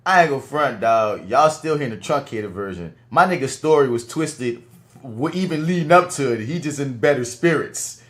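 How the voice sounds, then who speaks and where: A man's voice: medium pitch, animated, moderate pace, fairly bright tone. A man co-hosting a podcast in casual chat, egging his friend on with short laid-back remarks. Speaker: podcast co-host.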